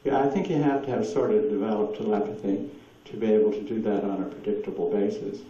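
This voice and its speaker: A man's voice: lowish voice, fairly even intonation, fast, dark tone, distant mic. A man telling anecdotes at a presentation and taking audience questions, rambling and chuckling often as he acts out quoted voices. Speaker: speaker at a presentation. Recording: dull echoey hall recording from afar.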